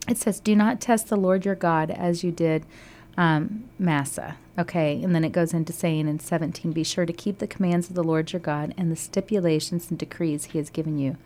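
A woman's voice: lowish voice, steady tone, normal speed, hardly any pauses, darkish tone, slight background noise. A woman from Texas co-hosting a Christian radio show, talking earnestly through scripture with frequent restarts. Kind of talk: devotional radio talk.

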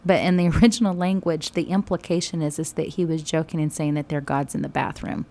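A woman teaching a Bible study, retelling scripture in conversation with sudden animated bursts. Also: low voice, fast, slight background noise.

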